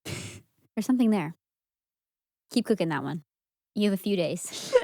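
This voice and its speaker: A playful woman co-hosts a podcast, reacting with quick exclamations. Her voice swings up and down a lot, close and dry. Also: mid-range voice, lively intonation, creaky, warm tone, dry recording. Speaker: podcast co-host. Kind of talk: casual chat.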